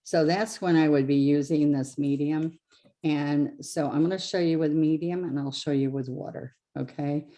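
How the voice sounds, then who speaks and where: A woman's voice: low-pitched, fairly even intonation, moderate pace, warm tone. A woman teaching a live painting class, chatty and explaining each step, often correcting herself as she goes. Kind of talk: live craft demonstration.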